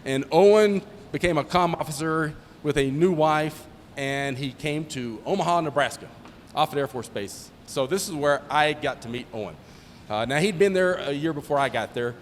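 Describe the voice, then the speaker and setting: Middle-aged man, former commander, joking ceremony speech with acted-out dialogue, slightly high voice, long hall echo. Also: moderate pace. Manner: joking storyteller who acts out dialogue. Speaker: former squadron commander giving a tribute. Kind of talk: anecdotal retirement ceremony speech. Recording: long hall reverb, faint ambient noise.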